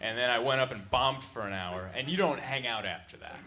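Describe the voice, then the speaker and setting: Here a man from San Diego performs stand-up, telling stories and slipping into voices for each character. His pitch is medium and his pace brisk, with a crowd audible behind him. Recorded live at a comedy venue full of laughter and audience noise.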